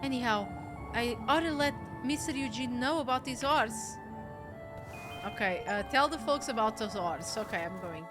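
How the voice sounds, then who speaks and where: Over music, a woman with a fairly high voice speaks at a moderate pace while streaming a game. She's animated and swears, chatting casually and reading the game's lines aloud in playful character voices.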